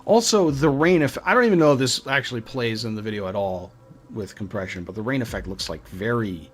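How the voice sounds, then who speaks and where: A man's voice: lowish voice, expressive, fairly quick, breathy edge. A man hosting a let's play, commenting dryly as he plays a game. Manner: dry, musing remarks while playing. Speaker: host playing the game.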